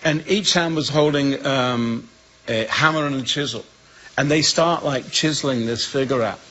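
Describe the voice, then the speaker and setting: A man with an English accent, a guest speaker telling a humorous personal story with lively voices for the people in it. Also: mid-range voice, moderate pace, poor audio. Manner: lively storyteller who acts out the voices in his tale.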